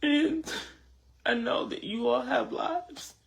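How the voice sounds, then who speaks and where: Tearful, exhausted mother speaking slowly. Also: high voice, gravelly. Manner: halting, repeats phrases, pleading thanks. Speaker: mother of a shooting victim. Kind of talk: emotional public statement.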